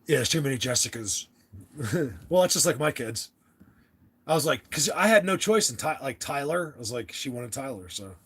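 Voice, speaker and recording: A man's voice: mid-range voice, animated, normal speed, fairly bright tone, slightly rough. A young American man hosting a casual livestream chat, rambling and restarting his sentences as he talks to viewers. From United States. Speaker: livestream host.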